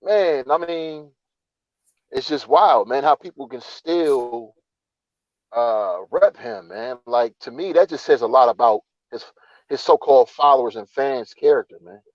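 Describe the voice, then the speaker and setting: A man's voice: medium pitch, animated, measured pace, no room sound, dull audio. A man co-hosting a casual boxing chat, emphatic, ending almost every phrase with "man". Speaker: boxing podcast co-host.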